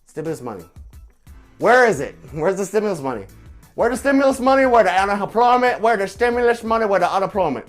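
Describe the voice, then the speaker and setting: A man's voice: high-pitched, very animated, fast talker, soft background music. A man hosting a live stream, ranting with profanity and firing off repeated rhetorical questions. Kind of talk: angry political rant on a live stream.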